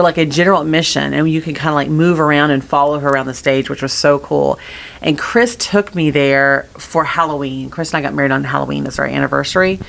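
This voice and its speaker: A woman co-hosting a podcast, telling a story with animated quoted voices and frequent laughter. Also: low voice, vocal fry. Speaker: podcast co-host. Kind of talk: casual chat.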